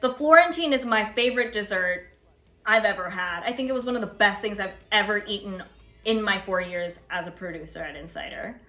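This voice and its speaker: A woman's voice: medium pitch, brisk, sharp tone, faint music behind. A young woman who hosts a food show, chatting casually about her old videos and laughing often. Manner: chatty, laughing, lots of "like" fillers. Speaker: food video producer and host.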